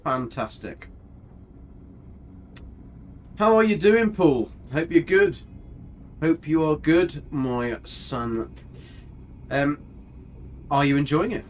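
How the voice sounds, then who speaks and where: A man's voice: fairly high pitch, expressive, takes it slowly, long pauses, slight background noise. Chatty man commentating a game. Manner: chatty, swears mildly, talks to his character and viewers. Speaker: gaming streamer. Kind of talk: casual live gameplay commentary.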